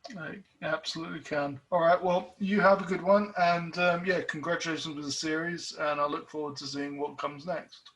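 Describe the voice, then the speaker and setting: A male interview host with a somewhat high voice, keeping his replies short and encouraging. He wraps up the conversation with friendly thanks. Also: steady tone, moderate pace, few pauses, a bit bright, low-quality recording. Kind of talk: interview chat.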